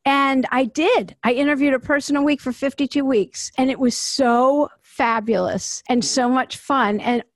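Lively laughing woman with a gravelly edge. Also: high voice, normal speed, few pauses, no echo, studio quality. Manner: animated, laughs often. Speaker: podcast host. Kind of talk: casual chat.

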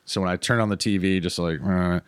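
A man telling a long story in casual chat, animated and rambling, with fillers and acted quotes. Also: low-pitched, a little fast, smooth, no room sound, studio quality. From North Carolina.

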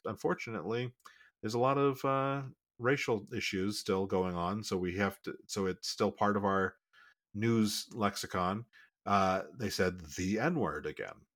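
A middle-aged man co-hosting a podcast, talking casually in a rambling, restarting way with lots of fillers. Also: fairly low pitch. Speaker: podcast co-host.

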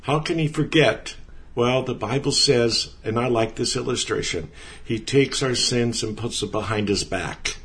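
A man gives an earnest, conversational Bible teaching. He leans into key words and repeats them for emphasis. His voice sits at an ordinary middle pitch. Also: unhurried, fairly bright tone.

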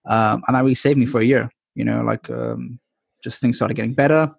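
A man with a husky, slightly breathy voice tells his personal story as a podcast guest. He rambles candidly, filling pauses with ums and likes. The sound is dry and close. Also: mid-range voice, steady tone, no room sound. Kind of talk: casual storytelling interview.

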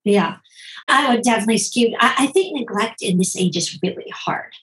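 Answering an interviewer, a middle-aged doctor and parenting author talks in quick bursts, easing off to stress key points, and frequently voices other people with wide pitch leaps. Her intonation is lively and her tone a bit bright, though the audio quality is poor.

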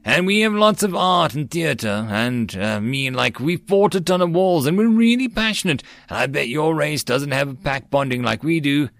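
Man putting on a hyped-up human guy bragging and rambling, higher voice, dry close sound. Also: a little slow, no echo, full character voice. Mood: proud. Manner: excited, rambling, defensive. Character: eager, boastful young human man, easily offended.

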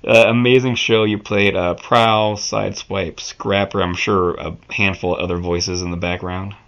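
Deep bright-toned guy hosting, keen fan vibe, lo-fi audio. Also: steady tone, creaky. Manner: enthusiastic, laughs often, halting phrasing. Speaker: interview host. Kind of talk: fan interview. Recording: muffled lo-fi audio.

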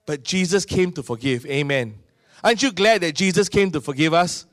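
A middle-aged man with a Singaporean English accent, preaching a sermon in an animated storytelling manner. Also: a little high, normal speed, dry recording, studio quality. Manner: animated storytelling, acting out voices of people in his stories. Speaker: pastor.

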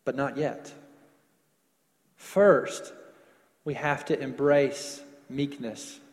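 A man preaching a sermon, stretching words for emphasis and dropping to softer closing lines. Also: mid-range voice, long reverb tail. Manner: preaching with slowed emphasis and falling soft endings. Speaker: pastor.

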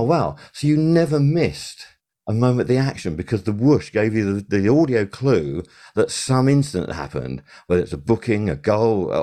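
An older man's voice sits low and mellow as he talks through old work stories as an interview guest. He rambles, doubles back and corrects himself in a loose, conversational way. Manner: rambling, self-correcting storyteller. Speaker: interview guest, TV sound supervisor. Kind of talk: casual interview recollection.

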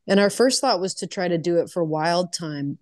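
A woman with a lowish voice chats on a podcast as a guest. She talks casually, laughs easily and acts out quoted lines as she tells a story. The sound is close and dry. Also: expressive, moderate pace, darkish tone, no room sound. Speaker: guest musician.

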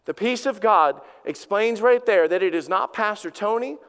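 A man's voice: high-pitched, expressive, moderate pace, a bit bright, smooth, big-room sound. A man, a lead pastor, preaching a sermon in a conversational way, with repeated words and acted-out dialogue.

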